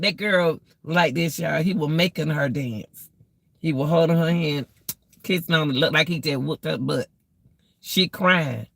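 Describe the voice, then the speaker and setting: A woman's voice: sits low, vocal fry, a bit bright, dry recording. A woman giving casual life advice to her viewers, preachy, repetitive and emotional. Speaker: vlogger.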